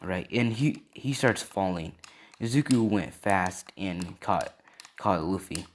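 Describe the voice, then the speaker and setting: A low-voiced man slowly tells an improvised fan story, loose and casual, with a relaxed, meandering delivery from start to finish. He rambles and leans heavily on fillers like "and yeah" and tag questions like "right?", with slight background noise.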